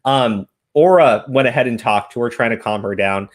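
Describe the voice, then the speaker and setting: A man's voice: mid-range voice, normal speed. A man ranting profanely in casual stream commentary.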